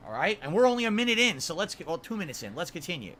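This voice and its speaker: High, bright-voiced defensive man. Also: very animated, rapid-fire. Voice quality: high-pitched voice. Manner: defensive, rhetorical questions. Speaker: streamer in a played clip. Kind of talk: defensive monologue to camera.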